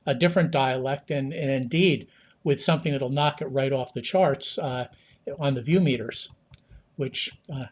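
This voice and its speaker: American man, measured, lo-fi call audio. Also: medium pitch. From United States. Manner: measured, many fillers and restarts. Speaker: guest analyst. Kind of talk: unscripted interview answers.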